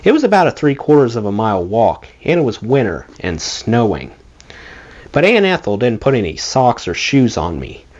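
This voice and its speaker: A man reading a memoir aloud as an audiobook, with an expressive delivery. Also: medium pitch, moderate pace. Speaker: audiobook reader. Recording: dull lo-fi recording.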